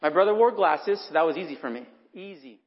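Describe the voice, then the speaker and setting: Middle-aged male preacher, conversational storyteller, slightly high voice, muffled hall recording with long echo. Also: expressive, quick pace. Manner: conversational storytelling, acts out quotes. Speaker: pastor. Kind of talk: sermon with personal stories. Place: church hall. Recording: dull recording in a reverberant hall.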